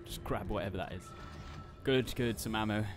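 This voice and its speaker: A man commentating a horror game, excitable, swearing and shrieking when scared. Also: on the low side, moderate pace. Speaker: gaming YouTuber. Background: game music.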